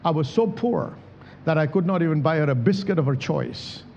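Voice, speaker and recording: A man's voice: a little high, lively intonation, normal speed, gravelly, darkish tone, in a large hall, muffled recording, slight background noise. A male pastor preaching a sermon, calling out to the congregation for responses and acting out prayers as he speaks. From India. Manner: preaching with emphatic calls to the church.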